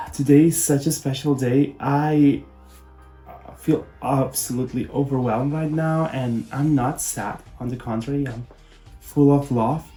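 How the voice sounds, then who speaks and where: Young guy vlogging, emotional and quiet, mellow low-key voice, echoey room. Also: fairly even intonation, measured pace. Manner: soft-spoken, emotional, lower-toned. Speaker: fan channel host. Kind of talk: casual emotional vlog chat. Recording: roomy echo with faint music behind.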